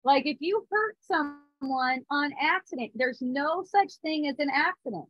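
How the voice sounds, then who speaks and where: A woman's voice: high-pitched, animated, a little slow, lo-fi sound. A woman in her thirties giving a spiritual talk, earnest, with small restarts and frequent check-ins. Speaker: spiritual teacher. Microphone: phone or device mic.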